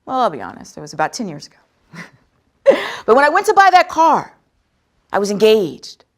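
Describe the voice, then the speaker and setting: A woman's voice: fairly high pitch, normal speed. A woman host telling a personal story in a conversational, emphatic way. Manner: animated, conversational, emphatic retelling. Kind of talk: storytelling talk on sales.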